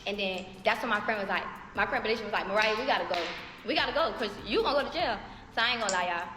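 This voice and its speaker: A young adult woman telling a story to her viewers in an animated, casual way, speaking straight to them. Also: medium pitch, very fast, background noise. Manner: animated, addresses viewers as y'all. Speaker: storytime vlogger. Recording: echoey room with long reverb.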